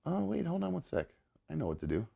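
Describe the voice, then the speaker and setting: Gravelly and dark yet on the high side, this man's voice swings hugely in pitch, and he talks fast. As a podcast host in casual chat, he rambles with lots of fillers and false starts, muttering while he tinkers with his gear. He grows sentimental and chokes up.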